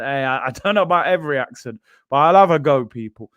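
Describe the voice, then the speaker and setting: Chatty, fairly high-voiced football fan host. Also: male voice, fast, no echo, studio quality. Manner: chatty, animated, keeps addressing viewers as "people". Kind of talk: casual fan commentary over match replays.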